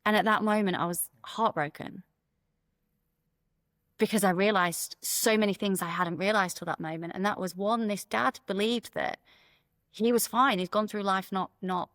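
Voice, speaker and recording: A woman's voice: medium pitch, moderate pace, a bit bright, no room sound, studio quality. A middle-aged woman, a school principal, telling stories in a frank, earnest interview manner and often repeating words. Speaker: school executive principal, podcast guest. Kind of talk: conversational interview storytelling.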